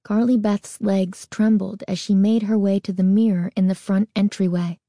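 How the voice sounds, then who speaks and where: A woman narrating a children's horror novel in a measured, deliberate reading. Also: medium pitch, little pitch movement, dark tone, no room sound, clean studio sound. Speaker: audiobook narrator. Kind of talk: scripted narration.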